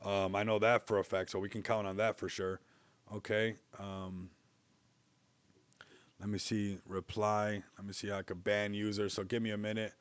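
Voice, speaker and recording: A man's voice: lowish voice, level tone, normal speed, clean tone, no echo. Loose, rambling guy on a livestream. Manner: loose, rambling, mocking, laughs often. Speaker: livestream host. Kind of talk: casual livestream chat.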